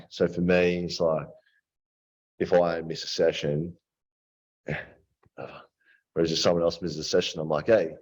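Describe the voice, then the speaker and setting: A man's voice: rumbling low, darkish tone, husky. A man hosting a roundtable, thinking aloud in a reflective, rambling way with many restarts. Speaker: host of a men's roundtable. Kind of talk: casual roundtable chat. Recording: dull lo-fi recording.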